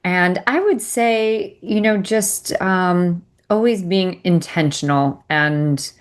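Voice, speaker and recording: A woman on a podcast answering the host in a calm, thoughtful way. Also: on the low side, takes it slowly. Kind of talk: casual chat.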